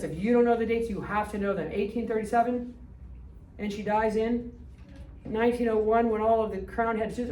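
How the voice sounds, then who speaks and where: Speaking on the high side with a slightly mellow tone, a history teacher in her 60s quizzes her classroom bluntly in rapid succession. Slight background noise accompanies the echoey room, recorded from a distant mic.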